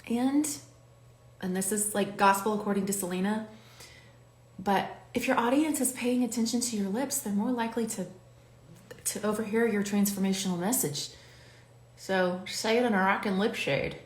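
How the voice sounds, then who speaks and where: A woman's voice: medium pitch, normal speed, pauses often, echoey room. A woman hosting a makeup tutorial, chatting and coaching the viewer while she does her own makeup. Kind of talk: talking while doing her makeup on camera.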